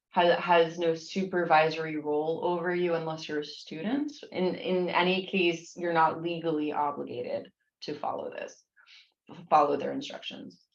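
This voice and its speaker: A woman's voice: on the low side, reverberant, muffled recording. A woman explaining nursing exam questions, reading each one aloud and then walking through the answers patiently, with frequent restarts.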